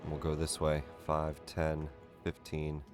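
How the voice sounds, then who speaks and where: A man with a very deep voice runs a tabletop game session. He narrates actions and calls results in an easygoing, matter-of-fact way, pausing on fillers as he checks rules. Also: completely flat delivery, music in the background. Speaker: game master. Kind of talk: running a tabletop game online.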